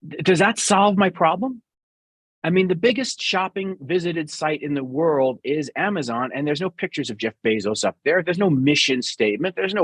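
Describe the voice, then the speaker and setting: A man's voice: on the high side, animated, normal speed, slightly rough, no room sound. A middle-aged man with a New York accent, answering interview questions bluntly and sarcastically as a business guest.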